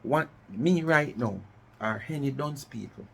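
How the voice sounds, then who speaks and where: Gravelly Jamaican man ranting. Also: mid-range voice, lively intonation, measured pace, fairly bright tone. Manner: challenging, repeats rhetorical questions, mixes patois. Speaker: vlogger. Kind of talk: ranting commentary.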